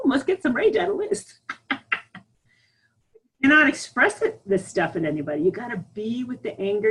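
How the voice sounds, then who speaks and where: A woman giving a candid, animated spiritual talk on a live group call, laughing often. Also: fairly high pitch, low-quality recording. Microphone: online group call.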